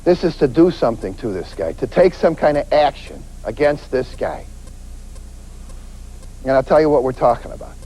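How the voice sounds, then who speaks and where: A man, a police detective, giving a lively lecture on avoiding crime, acting out quoted voices and hammering points with repetition. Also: medium pitch, normal speed, low-quality recording. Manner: animated, acts out quoted voices, emphatic repetition.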